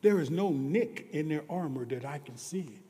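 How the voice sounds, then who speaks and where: Pastor guy preaching a sermon, kinda high voice, slow and earnest, big echoey church hall. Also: animated. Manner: earnest, swings between hushed and emphatic preaching. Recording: long reverb of a large hall.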